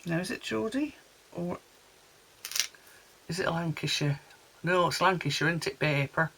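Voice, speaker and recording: A woman's voice: lowish voice, measured pace, gravelly, a bit bright, slightly rough, poor audio. A woman from Wales chatting homely and rambling as she makes cards at her desk. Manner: chatty, homely, rambling asides while working. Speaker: card-making crafter. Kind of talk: casual crafting tutorial chat.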